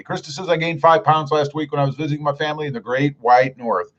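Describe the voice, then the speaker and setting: A man's voice: fairly high pitch, expressive, moderate pace, few pauses, fairly bright tone, lo-fi sound. A middle-aged man hosting a casual live stream, reading viewer comments aloud in a friendly, upbeat way.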